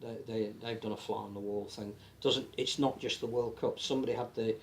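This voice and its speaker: An English man with an animated manner, chatting casually as a rugby league podcast pundit and often restarting his sentences. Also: on the low side, a little fast, a little hiss or hum. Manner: animated, many restarts and stammered repeats. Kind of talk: casual panel chat.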